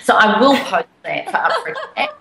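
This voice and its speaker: A woman tells a story with gushing excitement as she co-hosts a casual chat. Her voice sits at an ordinary middle pitch. The room around her is echoey. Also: fairly quick, vocal fry, background noise. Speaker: podcast co-host. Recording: roomy echo.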